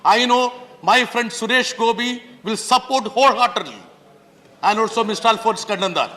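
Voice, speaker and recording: Indian-accented male legislator, high and bright voice, emphatic parliamentary address in a reverberant chamber. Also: normal speed. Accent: Indian English. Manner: emphatic, repeatedly addressing the chair as sir. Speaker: member of parliament. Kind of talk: parliamentary speech. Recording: long reverb of a large hall.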